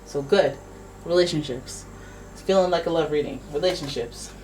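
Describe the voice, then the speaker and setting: A chatty woman reads tarot cards in a casual, playful way, reacting out loud to each one. Her voice sits on the low side. She sounds a little away from the mic, with faint noise in the background. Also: moderate pace, distant mic, low-quality recording. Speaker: tarot reader.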